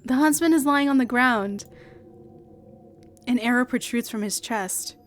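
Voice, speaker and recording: A young woman streamer reading a visual novel aloud, with dramatic, shouting outbursts and laughing reactions. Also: fairly high pitch, measured pace. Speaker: virtual streamer.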